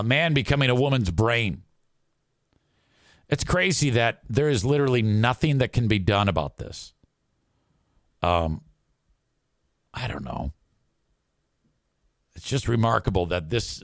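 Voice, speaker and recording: A man's voice: mid-range voice, fairly bright tone, no room sound, clean studio sound. Crude, rambling middle-aged male host. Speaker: live show host. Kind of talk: casual live-stream talk.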